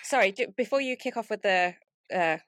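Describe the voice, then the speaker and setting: A woman's voice: medium pitch, expressive, fairly quick, fairly bright tone, dry recording. A woman co-hosting an interview from a soundproof studio room, speaking earnestly and heartfelt, filling her talk with likes and you knows. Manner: earnest, heartfelt, uses like and you know a lot. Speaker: podcast co-host. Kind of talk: casual interview chat.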